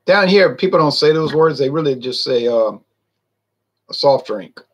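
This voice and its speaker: A man with a slightly high, breathy-edged voice reviews a drink on his vlog in a casual rambling monologue. He's animated at a moderate pace, folksy and meandering, with many fillers.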